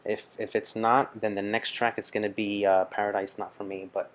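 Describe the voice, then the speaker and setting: A man's voice: lowish voice, little pitch movement, normal speed. A man hosting a music reaction video, talking in a casual, gushing way with lots of fillers and restarts.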